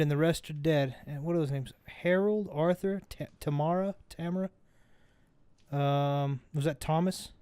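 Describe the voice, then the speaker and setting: A man's voice: on the high side, darkish tone, no room sound. A man casually commentating a video game he plays, rambling and often correcting himself mid-sentence. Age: adult parent. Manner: rambling, self-correcting, chatty. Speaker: let's play host.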